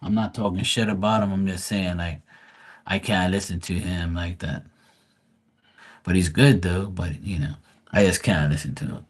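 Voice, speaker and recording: A man's voice: deep voice, steady tone, normal speed. A man chatting casually on a livestream, blunt and profane, rambling with frequent restarts. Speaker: live stream host.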